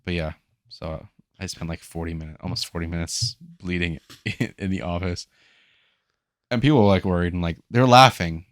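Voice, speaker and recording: A man's voice: low-pitched, moderate pace, no echo, studio quality. A young man co-hosting a podcast, animatedly retelling a story in casual chat, acting out others' lines and swearing freely. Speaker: podcast co-host.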